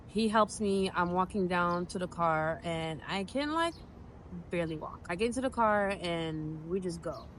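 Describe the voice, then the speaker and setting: A young woman vlogger casually telling her own story to the camera, chatty and animated, acting out her reactions. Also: mid-range voice, moderate pace, a little hiss or hum, low-quality recording.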